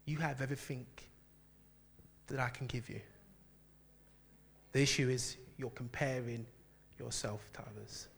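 A man preaching a sermon, telling a personal story with lively laughter and frequent asides to the congregation. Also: medium pitch, measured pace, gravelly, long pauses, breathy edge. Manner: animated, laughing, keeps asking "do you know what I mean".

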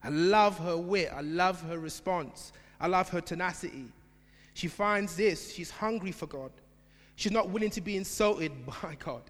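A man preaching a sermon in a church, emphatic, swinging from shouted repetition to quiet asides. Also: high voice, unhurried. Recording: long hall reverb.

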